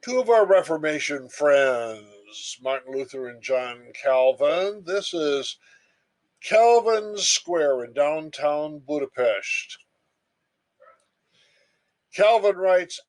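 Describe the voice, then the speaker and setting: A man's voice: fairly high pitch, lively intonation, slow. A man giving a recorded lecture, telling everyday stories in an emphatic, storytelling way.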